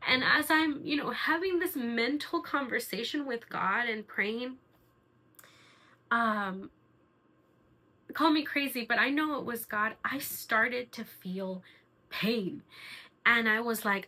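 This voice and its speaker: Young woman, bright voice, earnest and emotional personal testimony, casual vlog delivery. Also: on the high side, moderate pace, low-quality recording. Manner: earnest, emotional, many fillers and restarts. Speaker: vlogger sharing her birth story.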